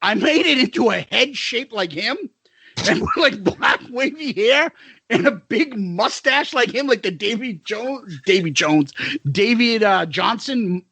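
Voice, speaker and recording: Middle-aged male podcast co-host, high and lively, laughs a lot, swears freely. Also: measured pace, husky, no echo. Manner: laughs through his stories, profane and animated. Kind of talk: casual chat, storytelling.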